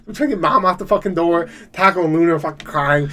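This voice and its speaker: A man co-hosting a casual podcast chat, telling a rambling, profane story that turns loud and laughing when he gets excited. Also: high-pitched, quick pace, few pauses, crowd noise. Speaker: podcast co-host.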